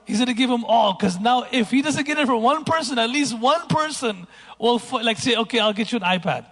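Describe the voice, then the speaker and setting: A man giving a sermon, telling stories in a lively way that moves between hushed moments and emphatic ones. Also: very high voice, brisk. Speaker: preacher. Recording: long hall reverb.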